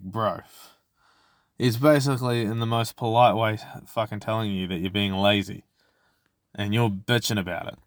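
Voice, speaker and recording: Low-voiced guy ranting. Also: no echo, studio quality. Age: 20s. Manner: profane, rambling, exasperated venting. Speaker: podcast host. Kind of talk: casual solo podcast rant.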